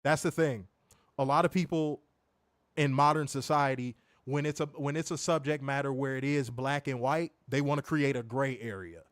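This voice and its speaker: A man co-hosting a wrestling review stream, answering viewer comments in casual, animated chat. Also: medium pitch, moderate pace, no echo. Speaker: wrestling show co-host.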